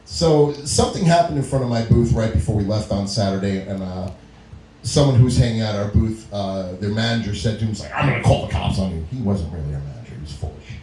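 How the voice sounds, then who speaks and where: A middle-aged comedian does stand-up in a small comedy venue, his lowish, mellow voice moving at a quick pace through long stories as he laughs at his own lines and acts out quotes. The room recording is echoey, with slight background noise.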